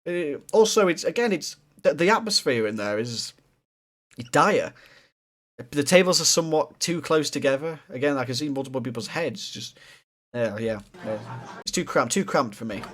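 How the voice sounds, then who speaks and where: A man's voice: fairly high pitch, lively intonation, moderate pace, a bit bright. A man hosting a reaction video, talking bluntly and swearing often as he critiques what he watches. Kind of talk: casual reaction commentary.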